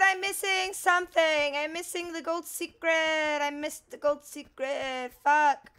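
Woman streaming a game, portuguese native, bright voice, slow drawl, swears and mutters to herself. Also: high voice, steady tone. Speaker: gaming streamer. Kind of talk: casual gameplay commentary.

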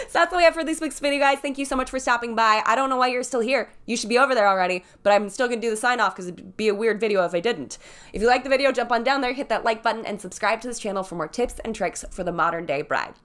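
A young woman hosting a wedding planning vlog, chatty and bubbly as she pitches a product. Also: fast talker, a bit bright. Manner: bubbly, chatty, laughs often. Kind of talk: upbeat sponsored vlog pitch.

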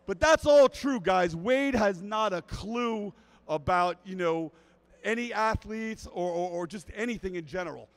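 A man giving a lively talk at a fish convention, telling anecdotes and addressing the crowd directly. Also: sits high, a little slow, rough recording. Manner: animated storyteller who acts out quotes. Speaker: guest speaker at a fish convention.

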